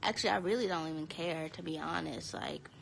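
A tired young woman chatting casually to viewers on a phone live stream from home, talking in a drowsy, low-energy way. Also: fairly quick, vocal fry, slight background noise, rough recording. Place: home, indoors.

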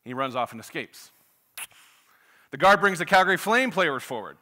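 Bright-voiced folksy pastor. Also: male voice, on the high side, expressive, normal speed. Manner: folksy, many filler uhs. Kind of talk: sermon with a joke opener. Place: church sanctuary.

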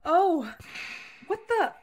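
A woman voices a spoiled teenage girl in a comedy skit, high-pitched and whiny. She whines and bosses others around with big theatrical swings. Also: very animated, extremely slow, a little hiss or hum, full character voice, rough recording. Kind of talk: short comedy skit acting.

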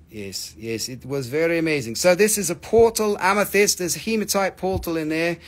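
Excited man selling minerals live. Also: a little high. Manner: animated, reads chat comments aloud, bursts into excited shouts. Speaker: live-stream mineral seller. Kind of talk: live-stream sales chat.

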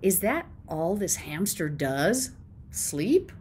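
A woman reading as a strict, quiet older schoolteacher. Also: on the low side, big pitch swings, takes it slowly, slight background noise. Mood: stern.

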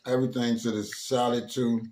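A man's voice: mid-range voice, little pitch movement, a little fast. A man chatting casually while he eats, with loose slangy banter and moans of pleasure at the food. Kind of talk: casual chat while eating. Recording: roomy sound with clear background noise.

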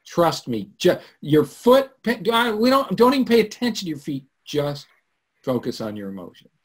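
Male webinar host, husky voice on a computer mic, lively storyteller. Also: on the high side, moderate pace. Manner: animated storytelling, swinging from loud to hushed. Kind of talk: live webinar talk. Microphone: computer mic on a video call.

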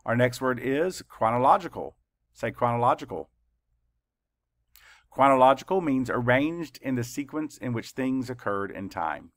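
A male teacher leading a children's spelling lesson, spelling each word out letter by letter with slow, deliberate dictation. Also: mid-range voice, lively intonation, a bit bright, no room sound, studio quality.

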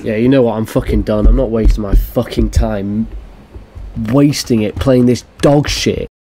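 A man's voice: fairly low pitch, steady tone, moderate pace, dark tone, slight background noise. A man giving let's-play commentary on a horror game, muttering to himself and swearing in frustration at the game. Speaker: gamer streaming a horror game.

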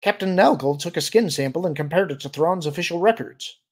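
A man's voice: a little high, lively intonation, brisk, pitched above the performer's own voice. A man voicing a dutiful male ship captain raising an earnest objection. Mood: objecting.

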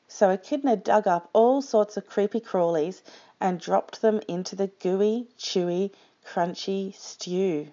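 A woman reading a children's picture book aloud with slow, expressive storytime delivery. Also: medium pitch, dull audio.

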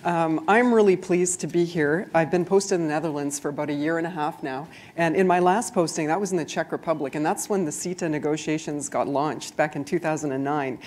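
A woman's voice: deep voice, a little fast, hardly any pauses, darkish tone. A woman diplomat giving an informative presentation at a trade forum.

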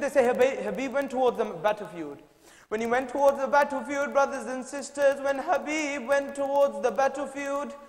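A young man in his twenties, from the United Kingdom, giving an impassioned mourning sermon that swings from hushed to shouted and chanted lament. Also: high-pitched. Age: 20s. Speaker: lecturer. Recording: echoey hall with long reverb.

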